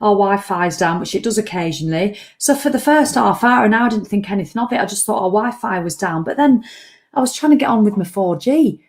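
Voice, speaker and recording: A woman's voice: medium pitch, animated, a little fast. A woman who runs an online business, talking casually and emotionally to camera and acting out her own anxious thoughts. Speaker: online business owner and vlogger. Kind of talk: casual reflective talk to camera.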